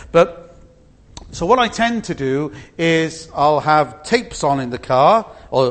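Chatty middle-aged man preaching. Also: medium pitch. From Britain. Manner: chatty, anecdotal, many restarts and asides. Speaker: speaker at a church meeting. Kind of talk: informal talk with slides.

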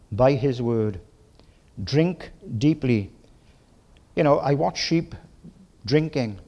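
Preaching a lively, folksy sermon, this middle-aged Welshman speaks in a mid-range voice with a Welsh accent, firing off quick bursts and plenty of tag questions.

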